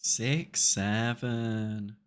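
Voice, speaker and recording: A man's voice: fairly low pitch, steady tone, extremely slow, clean tone. A young British man streaming a building game, chatting casually with viewers and swearing freely. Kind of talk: casual chat while playing a building game.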